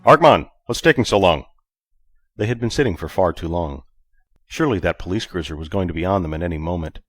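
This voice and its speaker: Deep-voiced male audiobook narrator. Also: quick pace, darkish tone, no echo, clean studio sound. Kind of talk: scripted narration.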